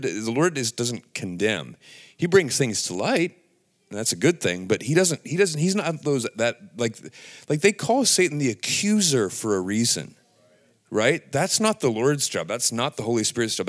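Earnest male devotional speaker, low-pitched, casual and halting, full of restarts. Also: a bit bright. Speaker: Christian speaker.

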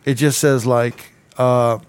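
A man co-hosting a casual chat, swearing freely and telling stories with animated energy. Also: mid-range voice, takes it slowly, clear, resonant tone, dry recording. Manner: profane, animated storytelling.

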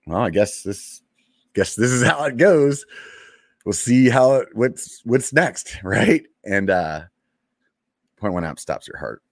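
A man in his forties, a military veteran, casually telling a story from his service, laid-back and profane with lots of fillers and pauses. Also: medium pitch, big pitch swings, no echo, clean studio sound.

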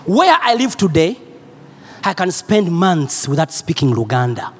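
A male preacher from Uganda giving a loud, energetic sermon, repeating phrases and drawing call and response from the congregation. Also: fairly high pitch, measured pace, breathy edge.

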